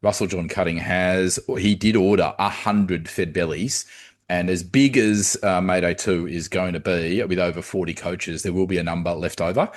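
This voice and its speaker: A man's voice: deep voice, steady tone, normal speed. An Australian man hosting a podcast, telling stories in a rambling, casual way and often repeating words. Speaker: podcast host. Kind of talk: casual storytelling chat.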